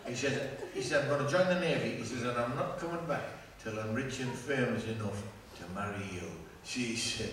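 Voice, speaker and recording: Male storyteller, lively pitch, punning and rambling; live stage take, heard from far back in an echoey room with background noise. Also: moderate pace. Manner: rambling, pun-filled, restarts phrases. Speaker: folk singer telling a comic story. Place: festival stage before a live audience. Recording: echoey distant festival recording with noise.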